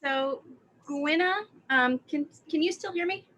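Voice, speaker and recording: A woman playing a tabletop game, hesitantly describing her character's actions with many pauses and ums. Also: high voice, fairly bright tone, lo-fi sound.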